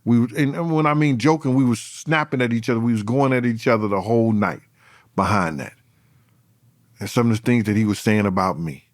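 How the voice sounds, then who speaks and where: A man, a former bodyguard, telling stories in an interview with animated, profane speech that swings between loud and low. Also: a little fast, no echo, clean studio sound. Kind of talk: storytelling in an interview.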